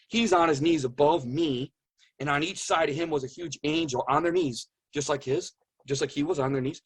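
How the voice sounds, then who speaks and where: A man telling his own story as an interview guest, earnest and halting, often searching for words. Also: medium pitch, slightly rough. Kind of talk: personal testimony in conversation.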